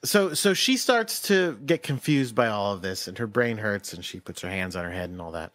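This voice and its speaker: A man's voice: lowish voice, animated, a bit bright. A man co-hosting a casual podcast chat, playful and joking as he recaps scenes. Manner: playful, retells scenes in quick silly voices. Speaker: podcast co-host.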